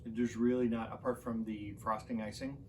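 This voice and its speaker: A man's voice: on the low side, little pitch movement, normal speed, darkish tone, recorded from a distance, a little hiss or hum. A man giving a tasting verdict in a casual chat, tentative and searching for words. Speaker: guest taster.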